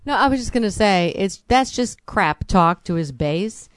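A woman's voice: medium pitch, expressive, moderate pace, clear, resonant tone, no echo, studio quality. A woman co-host chiming in on political chat, blunt and dismissive.

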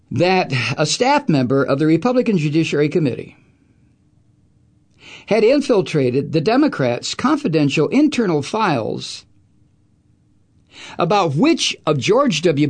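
A middle-aged man hosting a talk radio show, ranting about politics in an angry, profane, sarcastic way. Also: on the high side. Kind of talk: political rant.

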